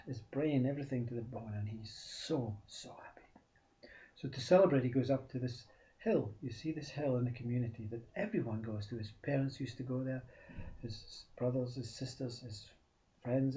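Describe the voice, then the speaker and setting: A man telling a spiritual parable in animated bursts, often repeating words and dropping to a whisper. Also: medium pitch. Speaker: spiritual storyteller. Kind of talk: storytelling talk. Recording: dull lo-fi recording.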